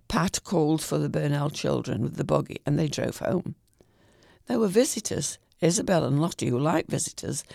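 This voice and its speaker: A man reading a short story aloud in a calm, even way, with the odd small slip. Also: on the high side, vocal fry, dry recording, studio quality.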